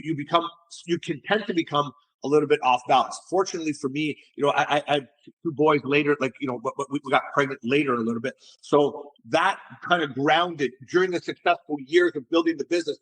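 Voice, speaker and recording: A middle-aged man in an interview, an entrepreneur, shares stories with casual animation and keeps repeating words as he restarts. His pitch is fairly high and his voice husky.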